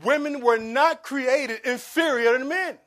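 A man preaching a sermon as pastor, swinging between quiet asides and loud, pleading emphasis. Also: extremely high pitch, measured pace.

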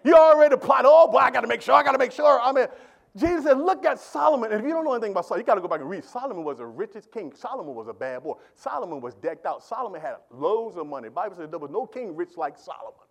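A preacher with a very high voice works the congregation in call and response. He swings from loud calls to quiet asides and repeats himself in plain, everyday words. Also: very animated, rapid-fire. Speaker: pastor. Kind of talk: sermon.

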